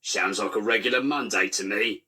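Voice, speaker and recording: A man's voice: fairly low pitch, normal speed, bright, forceful tone, husky, heavily acted. A man voicing a cowardly, grovelling male railway controller in a fan-made storybook parody, whining and pleading. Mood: grumpy. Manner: whiny, pleading, nervous.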